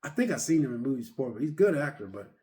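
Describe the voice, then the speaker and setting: A man's voice: medium pitch, very animated, racing, mellow. A man giving a casual, rambling movie review, retelling scenes with lots of repeats and fillers.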